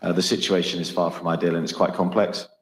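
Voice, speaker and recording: Deep, flat-voiced man answering press questions carefully, echoey room with long reverb. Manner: measured, guarded, hesitant. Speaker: football club manager. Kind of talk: press conference.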